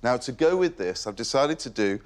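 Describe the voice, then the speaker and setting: A man's voice: medium pitch, animated, fairly quick. A man hosting a cooking show, talking casually and enthusiastically as he demonstrates a recipe in a kitchen. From Merseyside, England. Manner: casual and enthusiastic, praising the food.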